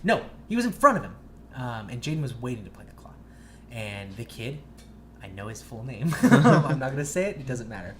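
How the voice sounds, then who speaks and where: A young man co-hosting a podcast, telling a long story in a rambling, profane, animated way. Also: medium pitch, fairly quick, background noise. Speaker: podcast co-host. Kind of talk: casual storytelling chat.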